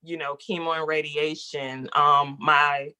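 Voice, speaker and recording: A woman guest in a casual interview, telling a story in a lively, animated way and acting out what people said. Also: deep voice, measured pace, clean tone. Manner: lively, animated storyteller who acts out quotes.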